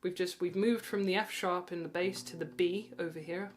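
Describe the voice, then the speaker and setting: A slightly low-voiced woman talks learners through a guitar part, counting beats aloud. She is encouraging and often chuckles at herself. A loud, clear guitar plays under her voice. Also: fairly even intonation, moderate pace. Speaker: guitar teacher. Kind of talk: online guitar lesson. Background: guitar playing.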